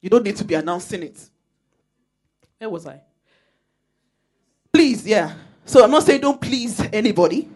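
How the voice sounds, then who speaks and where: A woman from Nigeria with a Nigerian accent, preaching a lively sermon in church and telling stories with frequent laughter. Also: medium pitch, moderate pace, long pauses. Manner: lively, storytelling, laughs often, emphatic exhortation. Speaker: church speaker.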